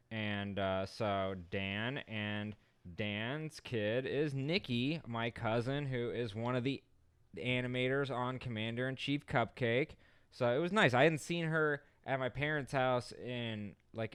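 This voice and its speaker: A man's voice: medium pitch, fairly bright tone, smooth, dry recording. A man co-hosting a casual comedy chat show with his partner, upbeat and chatty. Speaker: co-host. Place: Los Angeles home.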